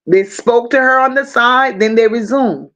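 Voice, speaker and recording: Woman, high voice, true crime livestream host, blunt, profane, emotional, talks to viewers. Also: normal speed, a bit bright. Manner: addresses viewers directly. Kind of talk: casual livestream commentary.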